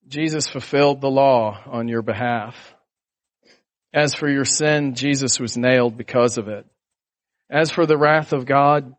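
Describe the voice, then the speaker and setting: High-voiced man preaching slowly. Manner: animated, conversational preaching with asides. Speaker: pastor. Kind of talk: sermon.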